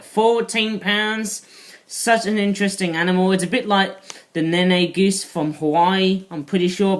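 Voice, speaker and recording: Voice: medium pitch, rough recording. A person from the UK with a British accent, reviewing toys in a casual, rambling vlog full of asides. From United Kingdom. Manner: rambling, digressive, with frequent asides. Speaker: toy reviewer.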